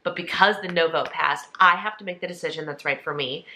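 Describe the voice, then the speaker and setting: Earnest woman in her thirties, bright voice. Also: low voice, fairly quick. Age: 30s. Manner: earnest, emotional, talks to viewers directly. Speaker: vlogger. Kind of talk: casual chat.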